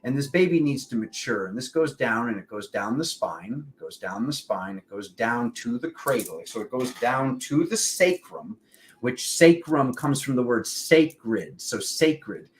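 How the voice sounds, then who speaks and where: A man's voice: mid-range voice, a little slow. Rambling man in a spiritual monologue. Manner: rambling, animated, quoting friends in voices. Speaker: spiritual channel host.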